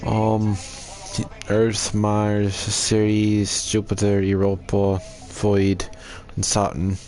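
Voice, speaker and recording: Casual gaming host, man: unhurried, rambling recap full of fillers, low-pitched voice. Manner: relaxed, rambling, hesitant with fillers.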